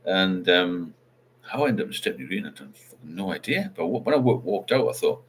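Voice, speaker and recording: A man's voice: sits low, lively intonation, a little fast, hardly any pauses, slight background noise. A middle-aged man, hosting a casual livestream chat and rambling while he reads out viewer comments. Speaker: livestream host.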